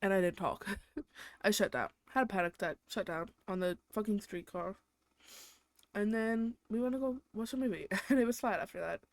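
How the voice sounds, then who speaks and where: On her solo podcast, a young woman rants in an over-the-top, constantly profane way about everyday irritations, her boyfriend included. Her voice sits at medium pitch and moves at a moderate pace, with no echo.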